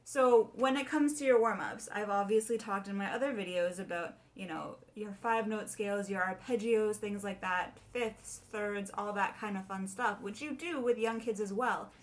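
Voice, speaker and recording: A young adult woman voice teacher explaining warm-ups in a chatty way and singing short demonstrations. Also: mid-range voice, moderate pace, few pauses. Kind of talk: casual video lesson.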